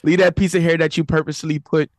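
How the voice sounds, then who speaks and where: A man's voice: a little high, dry recording. Easygoing man, dry close sound. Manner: relaxed, halting with restarts, laughing asides. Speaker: podcast co-host. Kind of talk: casual chat.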